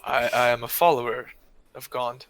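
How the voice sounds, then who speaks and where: A man's voice: mid-range voice, little pitch movement, normal speed, fairly bright tone, no room sound. A man at a tabletop game, speaking for his character in a hesitant, stuttering, polite way. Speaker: player.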